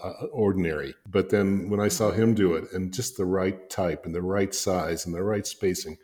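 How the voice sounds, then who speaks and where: A man's voice: low voice, fairly even intonation, normal speed, a little mellow. An older man, a guest designer and author, telling stories in a rambling, chuckling way with many fillers. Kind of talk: anecdotal storytelling in conversation.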